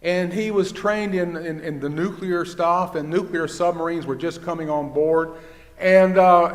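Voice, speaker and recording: An older man, a pastor preaching a sermon and telling stories, dropping his voice low for quoted dialogue. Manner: storytelling, with hushed quoted dialogue. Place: church sanctuary. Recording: long church reverb.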